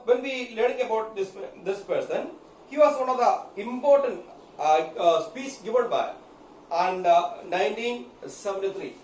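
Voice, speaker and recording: A man with a high voice teaches a class in a slow, halting way, full of pauses and filler words. He is recorded from a distance in an echoey room, with faint room sound behind him. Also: slight background noise. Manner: halting, many fillers and okays. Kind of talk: classroom lecture. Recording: echoey room, mic far off.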